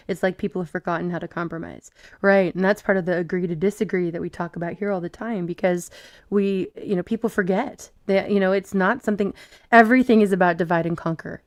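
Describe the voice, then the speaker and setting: A woman's voice: fairly low pitch, darkish tone, no room sound, studio quality. A woman hosting an online panel conversation, rambling a little and reading out chat comments between her own thoughts. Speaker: host.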